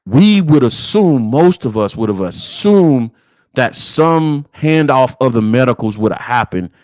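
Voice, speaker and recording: Blunt, fired-up livestream host. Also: male voice, medium pitch, animated, unhurried, darkish tone, no room sound. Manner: blunt, profane, fired-up, with frequent "you know what I'm saying". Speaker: sports channel host. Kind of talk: live-stream commentary.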